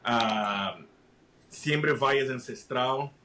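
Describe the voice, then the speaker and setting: A man as a podcast guest, answering casually and thoughtfully with hesitant pauses. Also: medium pitch, pushed and bright, slight background noise. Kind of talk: casual interview chat.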